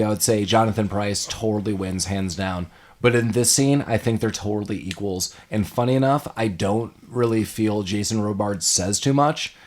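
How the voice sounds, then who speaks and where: A man hosting a casual podcast discussion of a film, animated and quick to laugh, often acting out lines from scenes. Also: lowish voice. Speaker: podcast host.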